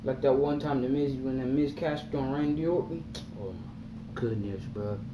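A young man chatting casually about wrestling on his vlog, excitable and acting out his reactions with sudden high yelps. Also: moderate pace. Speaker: vlogger. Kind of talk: casual wrestling chat to camera. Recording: echoey room with faint background hum.

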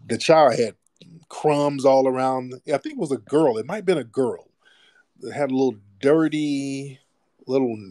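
A man's voice: mid-range voice, a little mellow, no room sound. A man hosting a call-in show, speaking in a blunt, profane and preachy manner in a casual monologue.

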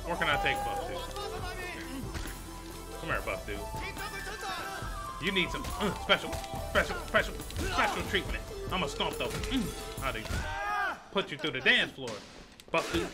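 Animated trash-talking male streamer. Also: a little high, measured pace, long pauses, over loud music. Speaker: gameplay streamer. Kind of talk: casual gameplay commentary.

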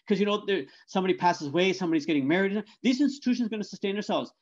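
A middle-aged man giving a lecture talk, telling animated stories with stammered restarts and lots of tag questions. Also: high voice, racing. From Canada. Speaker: guest speaker. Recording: dull lo-fi audio.

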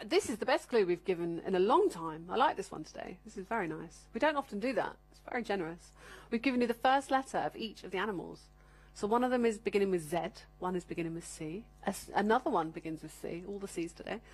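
Giggly woman hosting a phone-in quiz. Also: mid-range voice. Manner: chatty, teasing, giggly. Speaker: quiz show presenter. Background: background music.

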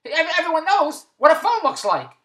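High-voiced woman ranting, fed up, keeps restarting, echoey room. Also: sing-song, brisk, a bit bright. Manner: exasperated, repeats questions, stammering restarts. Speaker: comedic monologuist. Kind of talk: comedic rant.

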